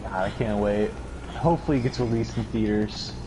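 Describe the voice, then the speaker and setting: A man's voice: on the low side, fairly quick, background noise. A young man co-streaming a game, joking dryly and sarcastically in casual chat. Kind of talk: casual chat over gameplay. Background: game music.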